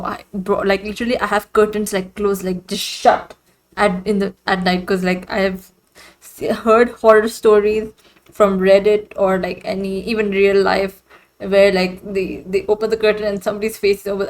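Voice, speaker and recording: A woman's voice: mid-range voice, normal speed, slight background noise. Jumpy young woman reading game lines. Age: young adult. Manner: animated, jumpy reactions, frequent "bro" and "like". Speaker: gamer playing a story game. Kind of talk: reading game dialogue aloud and reacting.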